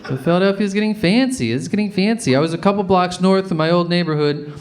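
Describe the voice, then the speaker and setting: A man doing a stand-up comedy set in a deadpan storytelling manner that bursts into loud shouts now and then. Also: high voice, fast talker. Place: comedy club stage before a live audience. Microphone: handheld stage mic. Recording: live club recording with crowd laughter. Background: audience laughter.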